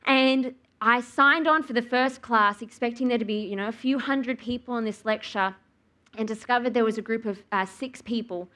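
Young aussie woman preaching, bit high voice, animated storytelling, does her own reactions. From Australia. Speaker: speaker at church. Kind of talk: sermon with personal story.

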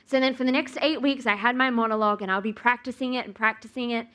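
A woman's voice: on the high side, quick pace. Woman telling a story at church. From Australia. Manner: animated storytelling, acts out her own reactions. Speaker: speaker at church. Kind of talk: sermon with personal story.

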